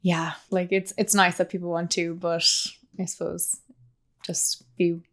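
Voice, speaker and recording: A woman's voice: lowish voice, level tone, a little slow. A young Irish woman in her twenties, chatting as an interview guest with lots of laughs and fillers. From Ireland. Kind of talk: casual interview chat.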